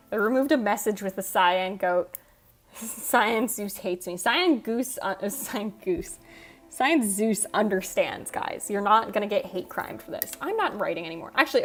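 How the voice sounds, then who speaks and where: Teasing woman streamer chatting with chat. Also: medium pitch. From United States. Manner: teasing, quick, laughs often. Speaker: livestream host. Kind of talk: casual chat while reading live chat. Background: soft background music.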